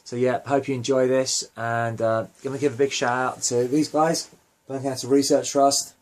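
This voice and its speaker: A man's voice: mid-range voice, little pitch movement, normal speed. A young man hosting a fan podcast, rambling casually with lots of fillers and self-corrections. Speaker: podcast host.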